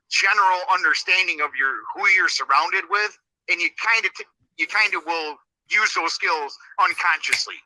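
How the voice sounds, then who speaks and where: Sarcastic guy, super sharp bright voice, dry close sound. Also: sits high, no echo, rough recording. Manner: skeptical, sarcastic. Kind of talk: casual chat.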